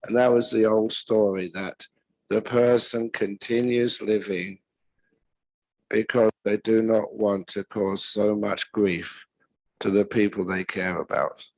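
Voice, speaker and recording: A man, a Buddhist monk teacher, giving a retreat talk with gentle, unhurried storytelling and pauses. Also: lowish voice, flat delivery, no echo, poor audio.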